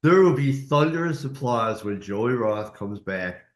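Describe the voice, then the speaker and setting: A man's voice: medium pitch, lively intonation, unhurried. A man hosting an interview, encouraging and upbeat toward his guest. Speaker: interview host, reporter. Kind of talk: casual interview chat. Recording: echoey room.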